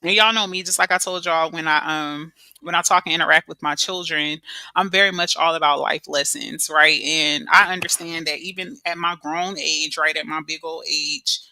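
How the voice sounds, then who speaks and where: A woman's voice: sits low, fairly even intonation, moderate pace, bright, forceful tone, no room sound. A middle-aged woman chatting casually on a live stream, greeting viewers and laughing often.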